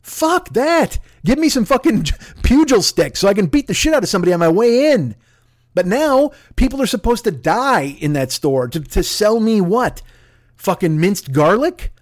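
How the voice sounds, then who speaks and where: A man's voice: high voice, sing-song, moderate pace, no room sound, clean studio sound. A middle-aged American man, a podcast host, ranting in a sarcastic, profane, heated monologue. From United States.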